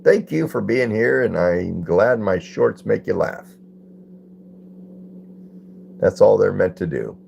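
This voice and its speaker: A man's voice: fairly low pitch, expressive, a little slow, gravelly, darkish tone, muffled recording, slight background noise. A man, hosting a casual phone livestream and greeting viewers by name in a laid-back way. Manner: laid-back, greets chatters by name and reads comments aloud. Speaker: livestream host.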